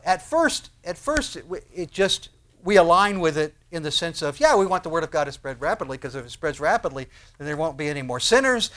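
A man preaching a sermon in a conversational, animated way, acting out prayers and asking rhetorical questions. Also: fairly high pitch. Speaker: pastor.

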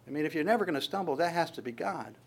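A man with a slightly high, gravelly voice preaches in an animated, rapid-fire way. He talks conversationally with his congregation and quotes scripture, often restarting and stammering, and he acts out voices in passing.

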